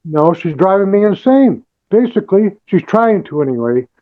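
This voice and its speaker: A man defending himself at a court hearing, defiant and halting, full of restarts. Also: high-pitched, sing-song, phone-quality sound. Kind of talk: testifying in court.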